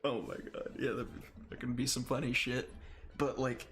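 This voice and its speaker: A man's voice: medium pitch, little pitch movement, moderate pace, a bit bright. A man chatting casually on a gaming stream who often laughs through his own stories and swears freely.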